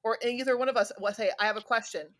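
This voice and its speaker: Woman podcast guest, slightly high voice, chatty and loose, fillers and laughs. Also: steady tone, fast, fairly bright tone. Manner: chatty, laughs between phrases, lots of fillers. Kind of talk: casual chat.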